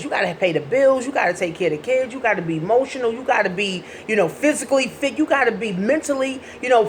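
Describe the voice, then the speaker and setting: A woman's voice: a little high, a little hiss or hum. A woman coaching viewers in a casual advice vlog, talking bluntly and swearing freely. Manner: blunt and profane, talks straight to viewers. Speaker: life coach.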